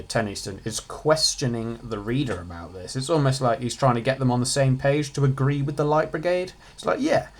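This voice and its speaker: A teenage boy, giving a casual, offhand revision lesson with jokey asides. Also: mid-range voice. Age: teens. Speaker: student revising on his channel.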